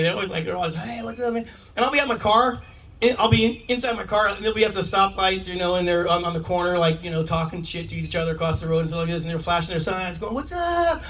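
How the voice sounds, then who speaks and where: A man performing a stand-up comedy set, telling animated stories and laughing at his own jokes. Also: high-pitched, quick pace, slight background noise. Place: comedy club stage. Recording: live room mic, distant, with audience. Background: audience laughter.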